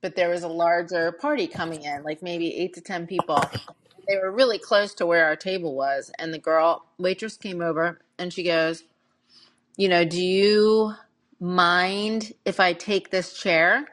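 A woman's voice: on the low side, steady tone, normal speed. A middle-aged woman co-hosting a podcast, telling dating stories in a candid, chatty way with plenty of fillers. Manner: candid storytelling with frequent fillers. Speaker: podcast co-host. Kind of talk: casual chat.

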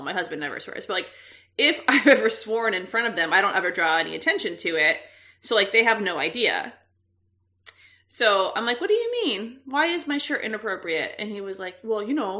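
A woman in her thirties, a podcast co-host, telling a story in casual chat with frequent laughs. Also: medium pitch. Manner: animated storyteller, laughs often.

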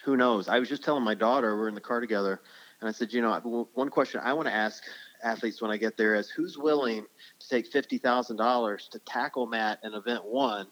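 A man's voice: medium pitch, fairly quick, a bit bright, poor audio. Middle-aged man, podcast guest, laughs a lot, rambling casual answers, mid-range voice.

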